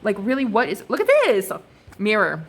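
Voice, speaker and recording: Speaking at a moderate pace in a mid-range voice, a young woman rambles casually to her viewers as she reads oracle cards. She swears freely and tells her stories in an expressive, animated way.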